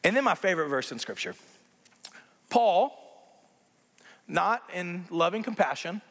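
A man preaching a sermon as pastor, conversational and animated, with playful asides to the congregation. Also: high-pitched, unhurried, long pauses, big-room sound.

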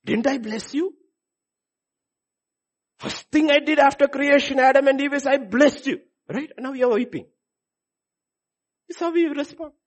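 A man preaching a sermon in an emphatic, repetitive style, moving from loud exhortation to low, intense delivery. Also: unhurried, pauses often.

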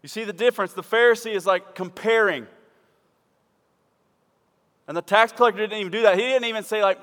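A man preaching a sermon to his church, swinging from loud emphatic peaks to quiet low asides. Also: moderate pace. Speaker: pastor. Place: church sanctuary. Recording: church hall with long reverb.

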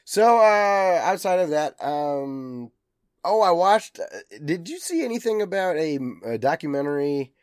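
A man's voice: on the high side, expressive, a little slow, darkish tone, clear, resonant tone, no echo, clean studio sound. A man hosting a video game podcast in casual chat, rambling with lots of ums and uhs. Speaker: podcast host.

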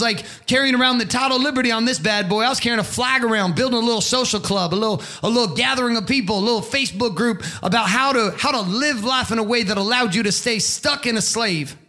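A man's voice: very high-pitched, quick pace, pushed and bright. A middle-aged man giving an impassioned motivational monologue, preachy and emphatic, swearing freely. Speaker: motivational speaker.

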